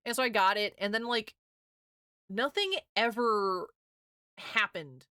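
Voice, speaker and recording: A woman in her thirties streaming, chatting casually with viewers, giggling often and talking quickly. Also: mid-range voice, bright, forceful tone, smooth, dry recording, clean studio sound.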